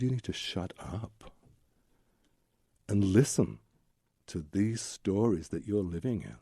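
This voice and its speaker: Deep dark husky male storyteller. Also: animated, slow, pauses often, no room sound, clean studio sound. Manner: candid, rambling, tumbling lists of memories. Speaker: guest, Zen Buddhist teacher. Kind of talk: personal storytelling in an interview.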